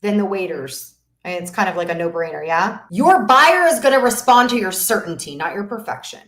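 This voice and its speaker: A woman's voice: mid-range voice, expressive, brisk. Fervent woman coaching in an echoey room. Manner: fervent, preachy, swings between loud declarations and soft asides. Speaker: business coach. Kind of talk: live-streamed motivational talk.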